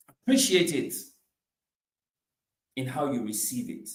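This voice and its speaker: Male motivational speaker, high-pitched and emphatic, in a roomy space. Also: very animated, normal speed, long pauses. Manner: emphatic, repeats phrases, swings between loud bursts and quiet asides. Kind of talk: motivational talk.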